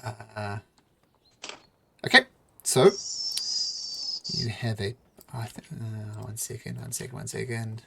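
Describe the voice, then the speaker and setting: A man's voice: fairly low pitch, level tone, takes it slowly, vocal fry, long pauses, pushed and bright, slight background noise. A man narrating a tabletop game as game master, hesitant, with many fillers and restarts.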